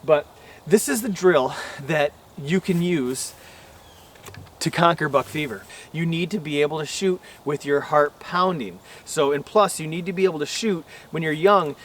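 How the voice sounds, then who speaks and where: Folksy hunting man, slightly high voice. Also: fairly bright tone, a little hiss or hum. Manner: folksy, rambling explanations. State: out of breath after running. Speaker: bowhunting channel host. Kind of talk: outdoor instructional vlog. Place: outdoors at an archery range.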